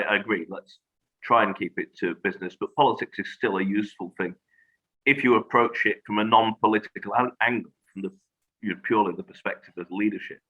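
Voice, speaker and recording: A man speaking as a guest in a reflective conversation, measured and thoughtful, pausing on fillers. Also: on the low side, pushed and bright. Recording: dull lo-fi audio.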